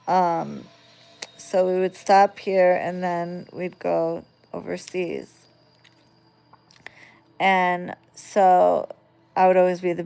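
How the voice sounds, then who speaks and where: A woman casually telling a story on a phone vlog, swearing freely and getting animated as she retells it. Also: on the low side, vocal fry, clear, resonant tone. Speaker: vlogger.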